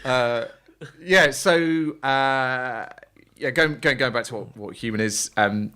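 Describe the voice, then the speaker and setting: A man's voice: mid-range voice, slow pace, bright, forceful tone, smooth. A man from England, a guest on a podcast, chatting casually and self-deprecatingly about his work. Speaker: podcast guest, agency founder. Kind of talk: casual chat.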